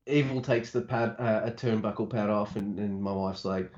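A man's voice: lowish voice, fairly even intonation, moderate pace, darkish tone. A man co-hosting a casual wrestling podcast, laid-back and recapping matches with dry jokes. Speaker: podcast co-host. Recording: slightly dull lo-fi audio.

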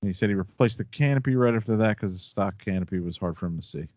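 A man hosting a podcast, casually reading out listener comments in a relaxed, chatty way with hesitant fillers. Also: fairly low pitch, fast, no room sound. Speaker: podcast host. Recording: dull lo-fi dry sound.

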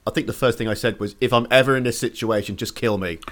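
A man's voice: medium pitch, quick pace, a bit bright. A man hosting a casual podcast, eagerly recapping a TV episode and chatting with his co-host.

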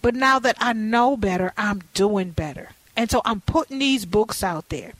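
A woman hosting a talk show, chatting in a lively, candid way with folksy asides. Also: mid-range voice, normal speed, no echo, low-quality recording. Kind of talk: casual talk show chat.

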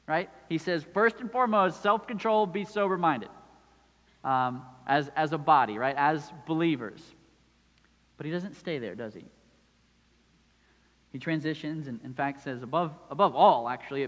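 A man's voice: on the high side, a bit bright. A man in his thirties preaching a sermon, talking conversationally and often checking in with "right?". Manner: conversational preaching with frequent "right?" tag questions. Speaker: pastor. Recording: dull sound with long hall reverb.

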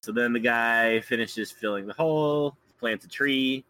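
A man's voice: mid-range voice, a little slow, pushed and bright, no room sound, low-quality recording. A man guest on a casual podcast, retelling a film plot and chuckling often as he goes. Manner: chuckles often while recounting scenes.

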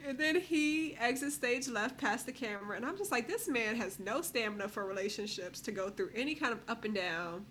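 A woman's voice: mid-range voice, lively intonation, fairly quick, few pauses, a bit bright, slight background noise. A woman, chatting casually as a podcast co-host and acting out the people she quotes in a recap. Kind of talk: casual chat.

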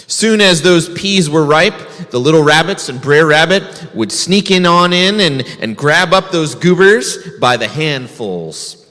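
A rabbi tells a folk tale to children in a folksy way, asking the kids questions as he goes. His voice is a little high, pushed and bright, with a long reverb tail.

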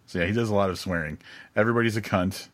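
Deep-voiced man joking around casually. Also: very fast. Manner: relaxed, joking, heavy casual swearing. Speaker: podcast co-host. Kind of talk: casual chat.

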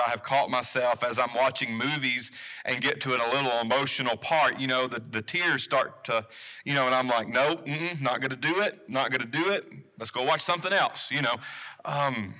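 A man's voice: mid-range voice, bright, forceful tone. A young adult man, a pastor, gives a conversational sermon, asking the congregation questions and restarting his sentences often. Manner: casual, asks the congregation questions, many restarts.

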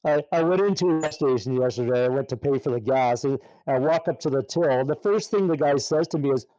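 A man's voice: mid-range voice, a little fast, warm tone, dry recording, lo-fi sound. A man in his fifties who tells stories in a boastful, profane way during a heated casual chat. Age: 50s. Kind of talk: casual storytelling.

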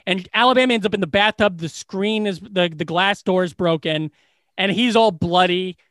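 A man co-hosting a podcast, retelling a film's scenes in a casual, profane, animated way. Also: high voice, normal speed, dry recording, studio quality. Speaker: podcast co-host. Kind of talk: casual movie recap chat.

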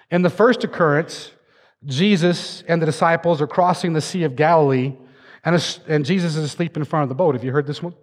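A man's voice: on the high side, fairly quick. A man preaching a sermon from a church stage, telling a story with dramatic flair. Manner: dramatic storytelling, acting out voices. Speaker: pastor. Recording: long hall reverb.

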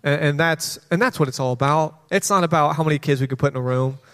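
Children's pastor, male, fairly high voice, animated storyteller, reverberant sanctuary. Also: fast talker. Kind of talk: sermon testimony. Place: church sanctuary. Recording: long hall reverb.

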